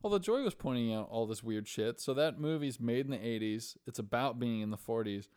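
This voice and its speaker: A man trading jokes in a loose, unscripted conversation. He swears casually and slips into goofy put-on voices. His voice sits at an ordinary middle pitch. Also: expressive, fairly quick, a little mellow, smooth. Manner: joking, profane, breaks into silly voices. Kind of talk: casual chat.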